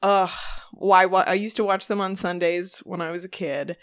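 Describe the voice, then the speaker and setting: A woman's voice: on the low side, fairly even intonation, normal speed. A young adult woman telling a story in casual chat, rambling with many ums and restarts, laughing and swearing as she goes. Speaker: podcast co-host.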